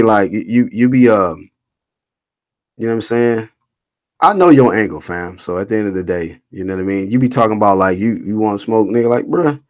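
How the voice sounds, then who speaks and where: Blunt, swearing male livestream host. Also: fairly low pitch. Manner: blunt, animated, reads chat comments aloud and rants back; swears freely, slangy. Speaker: boxing livestream host reading chat. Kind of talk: casual livestream commentary.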